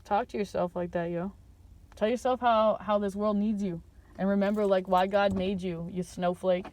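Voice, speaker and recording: A woman vlogger talking to her viewers in a meandering, playful monologue full of slang, drifting between calm and loud. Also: mid-range voice, moderate pace. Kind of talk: rambling stream-of-consciousness monologue.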